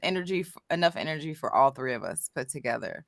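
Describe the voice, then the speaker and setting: A woman's voice: extremely low pitch, sing-song, fast, gravelly, a bit bright, no echo, studio quality. A woman co-hosting a casual podcast, talking candidly and reflectively with frequent restarts. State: emotional after crying. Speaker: co-host.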